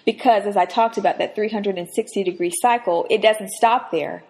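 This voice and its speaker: On her podcast, a woman delivers a devotional Bible teaching with earnest emphasis. Her mid-range voice is slightly quick and a bit mellow, and it shoots up sharply whenever she acts out a quotation.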